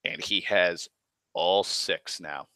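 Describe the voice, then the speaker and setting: Low male voice, bright and dry, rambling profane movie recap with stumbles. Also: slow, clear, resonant tone, no echo. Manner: profane, excitable, rambling with restarts. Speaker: movie vlogger.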